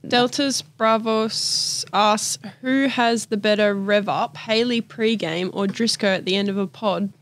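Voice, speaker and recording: A woman's voice: medium pitch, steady tone, unhurried, few pauses. Woman reading out fan questions.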